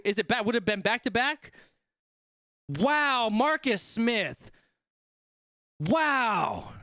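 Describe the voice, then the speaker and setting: A high-voiced, excitable man hosts a live sports watch-along and calls the action as it happens. His delivery is unhurried but bright and sharp, and he keeps repeating his exclamations. The sound is dry and close. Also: no echo. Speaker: live stream host.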